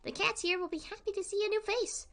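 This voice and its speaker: A woman voicing a friendly, gentle cat character from a video game, reading its lines aloud in a sweet, lilting voice. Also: extremely high pitch, quick pace, pitched above the performer's own voice. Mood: warm.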